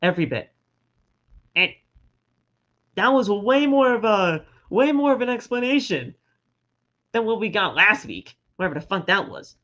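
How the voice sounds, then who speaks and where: A man co-hosting a casual wrestling podcast, often stumbling and repeating words as he talks. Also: high voice. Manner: halting, repeats words, animated. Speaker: podcast co-host. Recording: slightly dull lo-fi audio.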